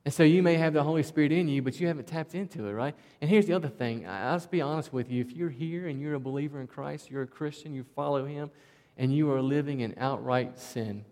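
A man with a Southwest Virginia country twang delivers a sermon in a folksy, conversational way, often saying "man" and "right?" His voice sits a little high for a man. The sound carries a long reverb, as in a large hall. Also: fast talker, a little mellow. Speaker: pastor.

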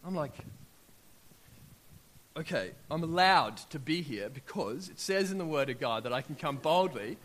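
Animated preacher, higher voice. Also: male voice, normal speed, long pauses, slight background noise. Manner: animated storytelling, acting out his own prayers. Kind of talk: sermon.

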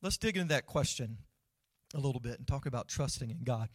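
A man's voice: mid-range voice, expressive, fairly quick, dry recording, studio quality. A man preaching a sermon in a conversational way, asking his listeners questions. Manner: conversational, asks the audience questions. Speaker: pastor.

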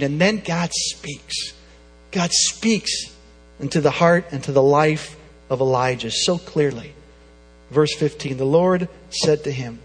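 A male pastor with a high voice preaches earnestly and presses his point with rhetorical questions. His voice rings through a long, reverberant hall while soft music plays behind him. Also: takes it slowly, husky. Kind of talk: sermon.

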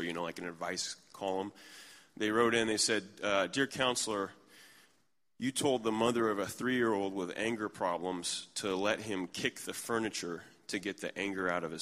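Guy in his 30s preaching, low bright voice, big hall echo, candid about himself. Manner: candid, self-deprecating storytelling. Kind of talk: sermon storytelling.

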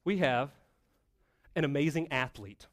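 A middle-aged male pastor preaching a conversational sermon, animated and full of rhetorical questions. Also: a little high, a little slow.

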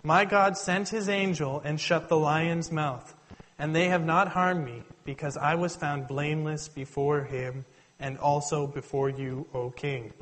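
A man's voice: on the high side, steady tone, a little slow, fairly bright tone, slight background noise, low-quality recording. A man reading the part of a faithful prophet, answering a king in an earnest, solemn voice.

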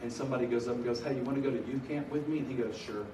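Animated preacher in an echoey hall. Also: male voice, medium pitch, racing. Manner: animated storyteller, swings from loud laughing bursts to hushed earnest telling. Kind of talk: comedic preaching story. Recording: echoey hall from far off, noisy.

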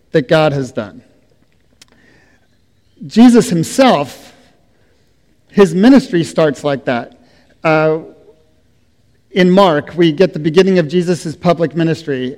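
A middle-aged man preaching a sermon as a pastor, speaking slowly and deliberately, letting his phrases trail off softly. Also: a little high. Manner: slow, deliberate preaching with soft trailing endings. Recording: long reverb of a hall.

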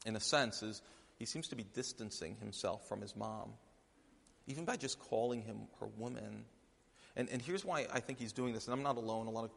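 A man's voice: mid-range voice, fairly bright tone. A man preaching a sermon in a conversational, storytelling way, with frequent restarts. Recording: long hall reverb.

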